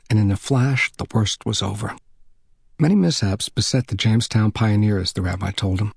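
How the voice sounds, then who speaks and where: Husky, low-voiced male audiobook narrator. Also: normal speed, darkish tone, no room sound, studio quality.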